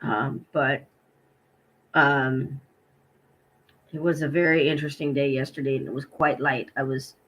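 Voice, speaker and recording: Rambling, heartfelt middle-aged woman, bright voice. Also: extremely low pitch, steady tone, measured pace, pauses often, low-quality recording. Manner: rambling and heartfelt, full of fillers and retold dialogue. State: emotional, hurting. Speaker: vlogger. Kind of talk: personal vlog monologue.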